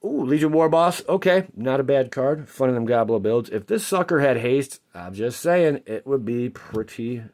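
A man hosting a casual card pack-opening video, joking to himself and shouting when he pulls a good card. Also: medium pitch, normal speed, hardly any pauses. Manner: excitable, jokey, shouts at big pulls. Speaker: card-opening channel host.

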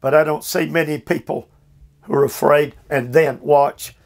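An older man teaching a verse-by-verse Bible study sermon at home, slow and emphatic with drawn-out phrasing and repeated fillers. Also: on the high side, steady tone. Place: his home.

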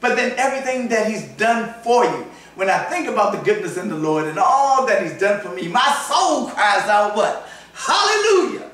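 A man with a fairly high voice preaches to a congregation, lively and dramatic, acting out the people in his stories. He sounds distant from the microphone, and his voice rings around a big, echoing church hall. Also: brisk, hardly any pauses. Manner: animated preaching, acts out voices in retold stories. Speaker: pastor. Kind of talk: sermon. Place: church sanctuary. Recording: echoey church hall, voice from far off.

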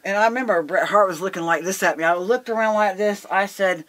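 A woman guest in an interview, telling a story in a heated, emphatic way, swearing and loudly acting out what she said. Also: mid-range voice, quick pace, few pauses. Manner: laughs between lines.

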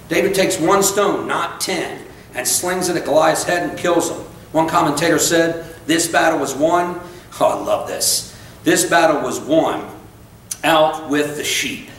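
A man preaching with fervent energy, urging his listeners on and slipping into casual asides. His voice sits somewhat high for a man. It carries through a very echoey church, picked up from far off with faint room ambience. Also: a bit bright, slight background noise. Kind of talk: sermon. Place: church sanctuary.

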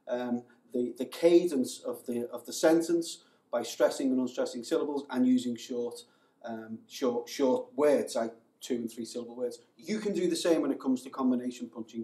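A man's voice: mid-range voice, normal speed, mellow, roomy sound, distant mic. A man giving a short boxing tip as a coach, talking energetically in short bursts with some fillers and restarts. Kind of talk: short instructional tip to camera.

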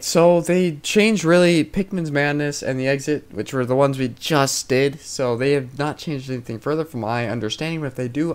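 A man doing let's play commentary, joking, talking to the game's characters and breaking into sudden loud yelps. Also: medium pitch, a little hiss or hum. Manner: joking, talks to the game characters. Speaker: gaming YouTuber.

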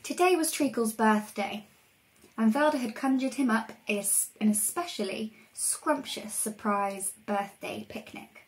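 Woman doing storytime for kids, fairly high voice, lively and expressive. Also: a little slow, rough recording. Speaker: reader. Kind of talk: storybook reading for children.

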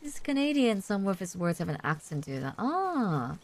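A woman's voice: medium pitch, very animated, normal speed. A woman streaming a video game, chatting casually and rambling with many fillers as she plays. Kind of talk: casual chat while gaming.

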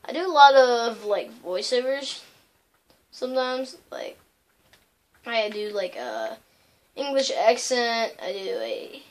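A woman's voice: a little high, slow pace, creaky, pauses often. A woman hosting a casual let's-play of a video game, rambling along with lots of fillers and loose asides. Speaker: gaming channel host.

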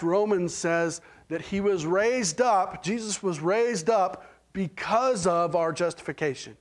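A man with an Oklahoman accent preaching a sermon in a church, conversational and checking in often with "right?" and "okay?". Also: high voice. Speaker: pastor. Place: church sanctuary.

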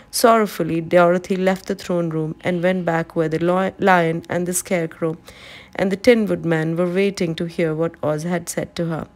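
A woman narrating a classic storybook aloud with a calm, steady reading. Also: fairly low pitch, moderate pace.

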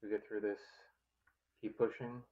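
A man's voice: lowish voice, flat delivery, normal speed. A man teacher giving a sincere video message to his students. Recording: tinny phone-like audio.

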